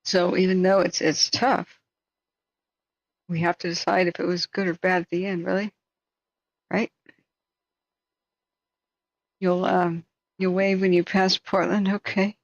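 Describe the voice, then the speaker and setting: A tired woman hosting a casual live wildfire-tracking stream, slightly hoarse and thinking aloud while chatting with viewers. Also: on the low side, level tone, measured pace, pauses often, no echo, muffled recording. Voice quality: slightly hoarse, clears throat. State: tired after staying up all night. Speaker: wildfire tracking livestream host.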